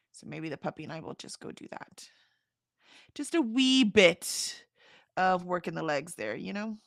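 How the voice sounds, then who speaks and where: A woman with a gravelly, fry-edged voice, talking in relaxed stream chatter as she hosts a writing session. Her sound is close and dry, with no room around it. She drifts between small talk and reading comments aloud. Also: low voice, dry recording. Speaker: livestream host of writing sprints. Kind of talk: casual chat.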